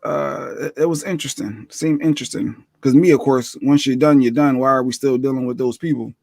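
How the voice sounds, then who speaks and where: A man co-hosting a casual talk show, halting and filling pauses with um and uh. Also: medium pitch, gravelly, darkish tone, dry recording. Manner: halting, fills with um and uh. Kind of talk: casual chat.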